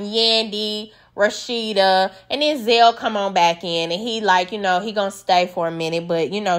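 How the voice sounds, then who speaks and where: A woman hosting a reality TV recap, talking casually in a sassy, opinionated, animated way. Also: medium pitch.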